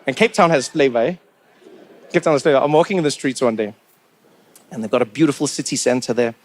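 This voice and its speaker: A man from South Africa with a South African accent, telling stand-up stories in a chatty, animated way. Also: medium pitch, fast talker. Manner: chatty, animated, acts out the voices of others. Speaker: stand-up comedian. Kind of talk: stand-up comedy storytelling.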